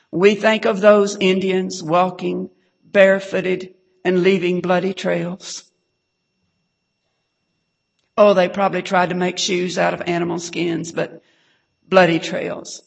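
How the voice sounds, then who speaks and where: A woman preaches a fervent, emotional testimony, often breaking into hallelujah and sinking to a hush for the saddest parts. Her voice has a gravelly, creaky edge. It rings out with a long reverb through a church hall. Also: on the low side, flat delivery, measured pace, pauses often. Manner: fervent, repeats hallelujah, drops to a hush at times.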